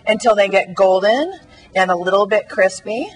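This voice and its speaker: A woman's voice: medium pitch, expressive, rough recording. A woman food editor on a TV morning show, explaining a recipe step by step in an upbeat way with frequent ums. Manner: upbeat, explanatory, many ums, quick laughs. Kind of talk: TV cooking demonstration. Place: TV studio kitchen.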